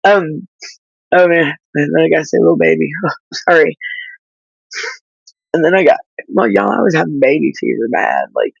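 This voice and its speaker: A woman whose child is in foster care, speaking through tears in halting, pleading talk that stops and restarts. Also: deep voice, very animated, creaky, slightly rough, no echo, highs cut off. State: crying, tearful. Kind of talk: emotional livestream talk.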